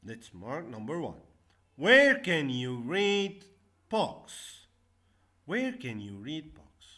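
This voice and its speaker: A man teaching a classroom English lesson, repeating each word and stressing the syllables loudly. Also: medium pitch.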